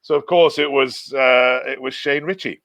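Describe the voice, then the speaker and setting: A man's voice: mid-range voice, steady tone, normal speed, crowd noise. A man, a guest singer from Wales, chatting casually in a rambling way, often trailing off and chuckling. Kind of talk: casual chat.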